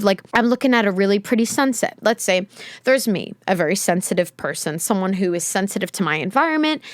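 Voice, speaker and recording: A woman's voice: medium pitch, clean tone, dry recording, studio quality. A young woman hosting a podcast, talking candidly and emotionally in a rambling, reflective way with many fillers. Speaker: podcast host. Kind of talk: candid solo talk.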